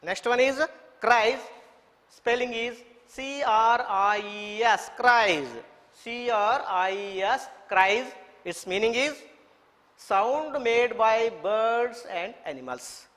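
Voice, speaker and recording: A man's voice: very high-pitched, slow, fairly bright tone. A man with an Indian English accent teaching a children's English lesson, repeating words and spelling them letter by letter. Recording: echoey room reverb.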